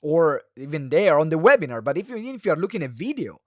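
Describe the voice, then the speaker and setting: A man teaching a live webinar as a speaking coach, talking quickly with many fillers and restarts and shifting his pace and pitch for emphasis. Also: big pitch swings, no room sound. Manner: fast talker who varies pace and pitch; moves hands and head while talking.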